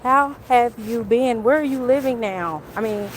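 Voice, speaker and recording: A woman's voice: on the high side, unhurried, slight background noise. Chatty woman vlogging on a walk. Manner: chatty, animated, greets and answers viewers' comments. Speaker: livestream vlogger. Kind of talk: casual walk-and-talk livestream chat. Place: outdoors on a walk.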